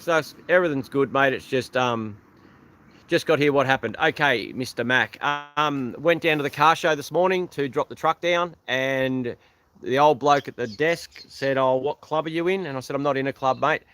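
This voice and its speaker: A man's voice: medium pitch, normal speed, bright, forceful tone, a little hiss or hum. An Australian man chatting casually on a livestream outdoors, rambling and thanking viewers by name. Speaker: livestream host. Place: outdoors beside an old truck.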